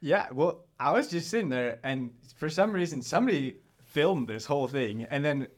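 A man's voice: on the high side, moderate pace. A young man casually telling a story in a chat, rambling and filling it with "like" as he retells what happened. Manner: rambling, lots of "like", animated retelling. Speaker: storyteller guest.

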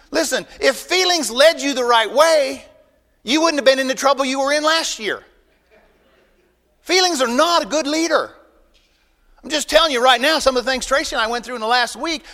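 High-voiced emphatic pastor in a hall. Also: male voice. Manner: folksy, emphatic, shifts between loud bursts and quiet asides. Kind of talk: sermon.

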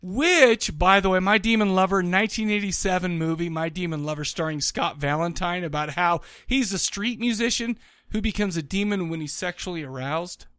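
A man in his thirties co-hosting a podcast in casual chat, rambling and excitable with lots of restarts. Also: high-pitched, normal speed, clean tone, no echo, studio quality. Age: 30s. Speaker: podcast co-host.

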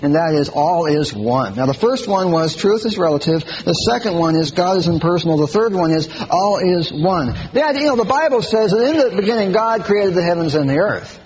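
A man preaches with a high, lively voice that swings up and down. He is animated and mocking at times. The recording sounds a little dull and lo-fi, with faint hiss behind him. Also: brisk, hardly any pauses. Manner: animated, mocking impressions with sudden high-pitched outbursts. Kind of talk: sermon.

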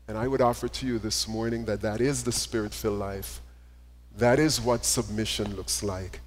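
A man's voice: mid-range voice, normal speed, a little hiss or hum. Preacher man in a reverberant hall. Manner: reads a story aloud, then preaches with gentle repetition. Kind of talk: sermon. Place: church sanctuary.

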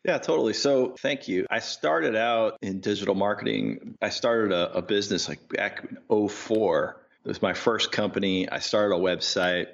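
A man who is a podcast guest, talking in a relaxed and friendly way. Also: lowish voice, moderate pace, gravelly, hardly any pauses, lo-fi sound. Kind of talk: casual interview chat.

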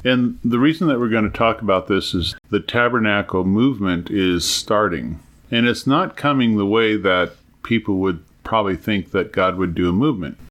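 A man's voice: on the low side, normal speed, a bit bright. Earnest man hosting a faith podcast. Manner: folksy, earnest storyteller, prays aloud. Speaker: podcast host. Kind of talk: religious podcast talk with a told joke.

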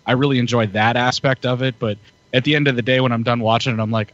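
A man's voice: medium pitch, very animated, normal speed, pauses often, fairly bright tone, slight background noise. Hyped, laughing man in casual chat. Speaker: podcast co-host. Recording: muffled lo-fi audio.

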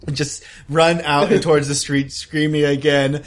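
A man's voice: flat delivery, unhurried, a little hiss or hum. A man playing a tabletop horror game, narrating his character's actions with frequent laughter. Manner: laughing, bursts into high shouted character lines. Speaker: player.

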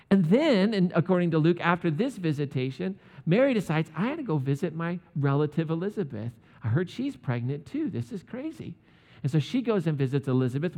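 A man delivers a relaxed, humorous sermon in a slightly high voice. He slips into playful voices for the people he quotes. A long reverb trails his words through the hall. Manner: casual and joking, acts out quotes. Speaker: pastor. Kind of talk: conversational sermon.

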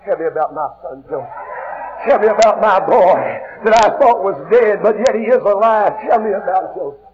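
A man's voice: high voice, moderate pace, lo-fi sound, lightly acted. A preacher acting out old Jacob, an aged father fervently longing to see his son. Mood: insistent.

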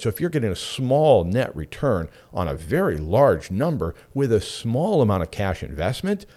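Low-voiced guy hosting a radio show, chatty and animated, lots of side stories, pitch all over the place. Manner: animated, chatty storyteller with frequent asides. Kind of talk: casual talk radio monologue.

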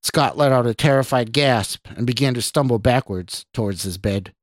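A man's voice: mid-range voice, moderate pace, no echo. Man narrating horror, dry and close. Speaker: podcast host and storyteller.

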